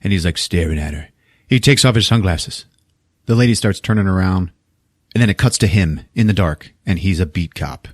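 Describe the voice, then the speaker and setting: A man with a low voice talks fairly quickly as he casually runs through a film's plot on his podcast, performing the characters' dialogue, laughing frequently and swearing without restraint. The recording is dry, with clean studio sound.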